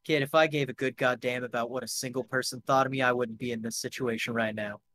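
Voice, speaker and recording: A man playing a gruff, blunt male fixer who swears freely, in a live tabletop game. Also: mid-range voice, steady tone, fast talker, a bit bright, voice pushed down, lightly acted.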